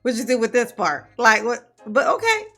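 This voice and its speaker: A woman hosting a reaction commentary show, sassy and quick with jokes, laughing often. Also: fairly high pitch, a bit bright, soft background music. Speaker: commentary channel host.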